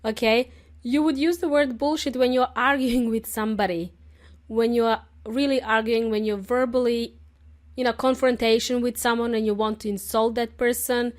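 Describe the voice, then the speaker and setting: A woman hosts an English lesson podcast, explaining polite phrases slowly and often checking in with "okay?". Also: fairly high pitch, fairly even intonation. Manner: friendly, explains slowly and spells out words; laughs often, says okay often. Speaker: English teacher and podcast host.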